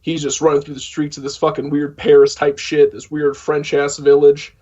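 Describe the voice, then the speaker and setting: Podcast co-host, man, husky voice, sweary rambling recap, dull lo-fi audio. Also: a little high, completely flat delivery, moderate pace, warm tone. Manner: profane, rambling plot recap. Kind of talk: casual film discussion.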